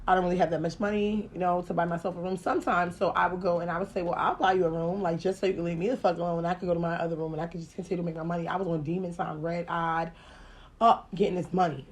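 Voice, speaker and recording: A woman's voice: lowish voice, level tone, very fast. Slangy, profane woman telling a story. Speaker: podcast host. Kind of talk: casual podcast chat.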